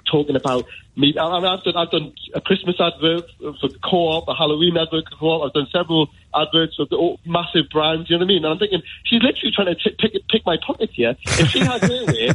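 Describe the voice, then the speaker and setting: A Geordie man from Newcastle calls in to a radio show, his slightly high, husky, fairly bright voice moving fast. He tells a heartfelt story in a rambling way, packed with "you know," over a tinny phone line.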